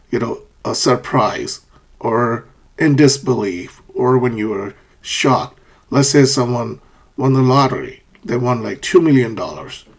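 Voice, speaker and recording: A man teaches an online English lesson on intonation, reading example sentences aloud with exaggerated rises and falls in pitch. He checks in with a frequent "okay?"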